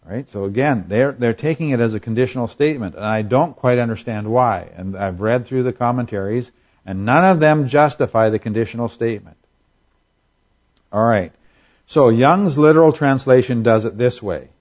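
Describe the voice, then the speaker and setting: A man's voice: mid-range voice, normal speed, darkish tone, highs cut off. A man preaching a sermon in a conversational way, asking rhetorical questions and acting out quotes for humor. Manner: acts out quotes in voices for humor. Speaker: pastor.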